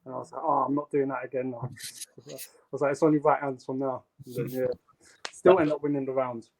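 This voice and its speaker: A man's voice: medium pitch, fairly quick, poor audio. A young man, a guest boxer, tells stories in casual chat with many fillers. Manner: animated storytelling with many fillers.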